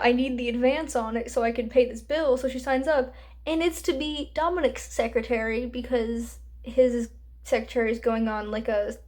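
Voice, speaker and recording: Casual book vlogger, woman, slightly high pitch, exasperated rambling delivery full of fillers. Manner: chatty and exasperated, many fillers. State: hiccuping. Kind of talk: casual reading vlog rant.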